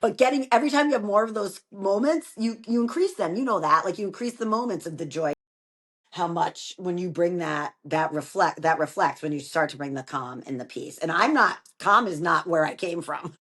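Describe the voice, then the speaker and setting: A woman with a low, deep speaking voice talks in a relaxed conversational way. She runs a yoga studio and tells her stories with animation, slipping into the voices of the people she quotes. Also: moderate pace, breathy edge. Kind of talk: casual conversation.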